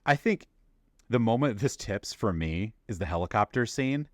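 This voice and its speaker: A man with a very low voice talks through a podcast chat, loose and jokey. He slips into quick put-on voices to act out scenes. The sound is dry and close. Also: no echo. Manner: animated, jokey, acts out movie characters in quick voices. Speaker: podcast co-host. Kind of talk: casual chat.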